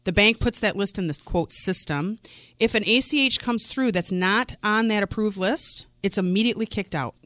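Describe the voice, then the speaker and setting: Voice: medium pitch, moderate pace, sharp tone, dry recording. Guest who runs a finance business, with a plain, dry-sounding voice. Explains advice in an emphatic way. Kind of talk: casual radio talk.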